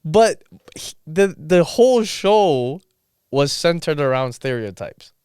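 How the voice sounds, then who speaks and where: A man's voice: on the high side, expressive, slow pace, a little mellow, clean tone, dry recording, studio quality. A young man hosting a podcast in casual chat, laid-back and slangy, laughing often. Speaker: podcast host.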